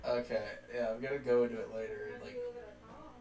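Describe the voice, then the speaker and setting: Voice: mid-range voice, big pitch swings, quick pace. A young person in casual chat with a friend, chatty and self-mocking. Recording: roomy room, away from the mic.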